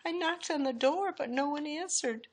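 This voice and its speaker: A woman's voice: sits high, moderate pace, voice pushed up, natural voice, poor audio. A woman voicing a curious, friendly little girl in a light, girlish voice for a storybook reading. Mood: earnest.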